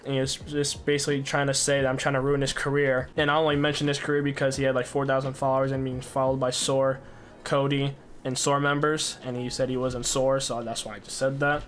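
A young man talks through a gripe about another player in a loose, rambling way, full of fillers. His pitch sits in an ordinary middle range but barely moves, so the delivery sounds flat. Soft music plays faintly underneath. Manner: rambling, complaining, many fillers. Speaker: gaming YouTuber. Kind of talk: casual recounting commentary.

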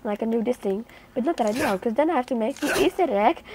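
Talking fast in a fairly high, darkish voice with lively intonation, a young woman who isn't a native English speaker narrates her gameplay casually. She's a chatty gaming channel host prone to startled outbursts, recorded at home with plenty of noise.

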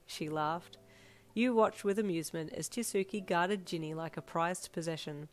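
A woman reading a second-person fanfiction story aloud in a calm, storytelling manner. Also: sits low, moderate pace. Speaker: fanfiction reader. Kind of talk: scripted narration. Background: soft lofi piano music.

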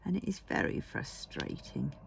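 A woman's voice: normal speed, slight background noise. A tired woman chatting in a rambling way while she works on a diamond painting, yawning and murmuring to herself. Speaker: craft vlogger.

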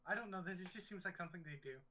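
A man's voice: high-pitched, rapid-fire, bright, forceful tone. A man joking through a card game, reading phrases with goofy emphasis. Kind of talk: casual game chat. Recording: dull lo-fi mic.

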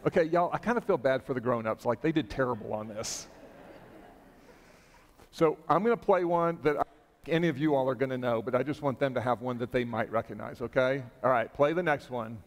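A man's voice: medium pitch, a little fast. A man leading a children's sermon in church, friendly and asking the kids questions. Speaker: pastor leading a children's message. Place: church sanctuary. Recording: long church reverb.

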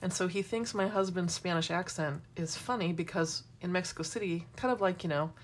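Working through a casual craft demo, this middle-aged woman chats away and wanders off into asides. She speaks briskly in a lowish voice, and there's a little hiss or hum on the recording.

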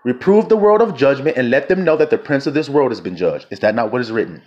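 A man preaching a fervent sermon, reading scripture slowly and firing questions at his listeners. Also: medium pitch, animated, darkish tone, muffled recording. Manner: fervent, questioning the audience, drawn-out quotes.

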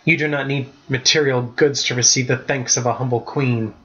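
A man's voice: mid-range voice, steady tone, normal speed, a bit bright, dull audio, lightly acted. A man voicing an indignant, loyal girl who defends her queen in a storybook reading. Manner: indignant, snappish.

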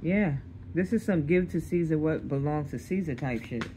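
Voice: mid-range voice, animated, normal speed, dark tone, slight background noise. A tarot reader doing a casual reading to camera, blunt and streetwise, swearing freely and checking in with the listener. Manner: checks in with the listener, repeating "okay?".

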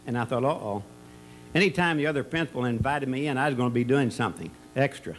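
A man's voice: mid-range voice, racing, a little hiss or hum, low-quality recording. Rambling folksy man telling party stories. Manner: rambling storyteller who tells jokes with many restarts and fillers. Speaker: retirement party speaker, former school colleague. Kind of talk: folksy anecdotal speech at a party. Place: party or banquet room.

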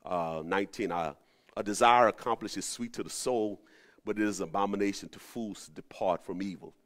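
A man preaching a sermon, animated, rising to emphatic peaks and dropping to low asides. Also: a little fast. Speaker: pastor. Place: at home during the pandemic.

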